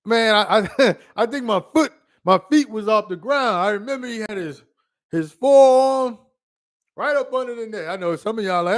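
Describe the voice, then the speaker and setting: A man in his thirties telling childhood stories casually to his phone camera, animated and laughing, with quick asides and repeated words. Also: high voice. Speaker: vlogger.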